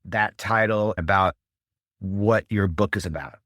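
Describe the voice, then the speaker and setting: A man's voice: on the low side, unhurried, a bit bright, dry recording, clean studio sound. A man hosting an interview, conversational and telling a short story from his own teaching. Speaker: host. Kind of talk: interview hosting, casual anecdote.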